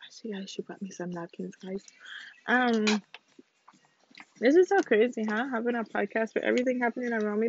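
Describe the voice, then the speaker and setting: A young woman talking straight to her listeners on a casual home podcast, emphatic and ranting. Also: fairly high pitch. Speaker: podcast host. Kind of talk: casual opinion podcast monologue. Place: home, with family nearby. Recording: slightly dull lo-fi sound.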